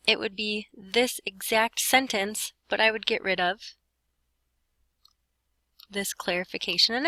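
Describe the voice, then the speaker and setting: A woman's voice: medium pitch, sharp tone, dry recording, rough recording. A woman teaching a Spanish grammar lesson, explaining step by step and talking to herself as she writes. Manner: explains step by step, talks to herself while writing. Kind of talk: lesson walkthrough.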